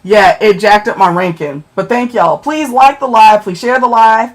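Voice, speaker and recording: A woman's voice: medium pitch, moderate pace. A woman hosting a casual livestream, chatting with viewers, answering them by name and often checking in with "okay?". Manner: chatty, keeps tagging lines with "okay?". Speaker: livestream host.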